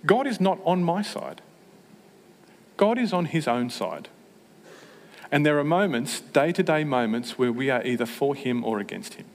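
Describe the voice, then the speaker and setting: A man preaching a sermon, humorous and self-mocking, with animated asides. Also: fairly high pitch, moderate pace, long pauses. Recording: long hall reverb.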